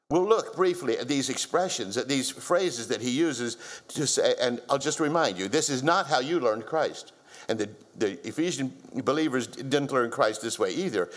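A man's voice: mid-range voice, lively intonation, normal speed. A man preaching a sermon in an earnest way, building up to strong emphasis. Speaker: pastor.

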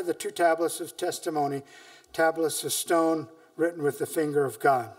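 A man's voice: on the high side, animated, normal speed, recorded from a distance. A man preaching a sermon in church, reading scripture emphatically between hesitant, searching remarks.

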